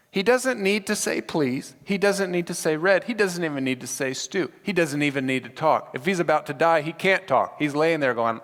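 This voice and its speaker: Male pastor, animated sermon delivery acting out scenes, recorded in a church with long reverb. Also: fairly high pitch. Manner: animated, acts out scripture with dramatic voices. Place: church sanctuary.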